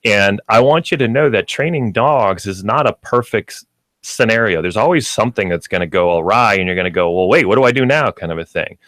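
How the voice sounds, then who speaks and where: Brief: male radio host and dog trainer, lowish voice, lively animated delivery, explains patiently step by step. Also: brisk, no room sound. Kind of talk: instructive radio talk.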